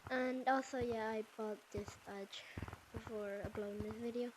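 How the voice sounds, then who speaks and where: A woman's voice: a little high, steady tone, moderate pace, background noise. A woman giving casual, rambling gameplay commentary as a channel host, with frequent fillers.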